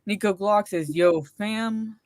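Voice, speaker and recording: Her mid-range voice is a little mellow, and she takes her time on a dry recording. She's a co-host on a casual livestream reading the live chat aloud, rambling with many fillers and restarts as she recovers from a migraine.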